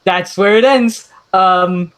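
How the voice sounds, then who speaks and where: A man's voice: high voice, slow, a bit bright, smooth. A man co-hosting a casual podcast, reading a story aloud and laughing often between lines. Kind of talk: casual chat.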